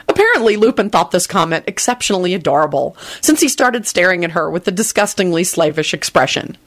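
A woman reading a fan story aloud with expressive, brisk storytelling. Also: on the low side. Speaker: reader.

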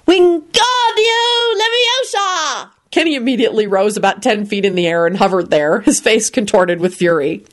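A woman narrating a storybook reading in an expressive way. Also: mid-range voice, a little fast, hardly any pauses.

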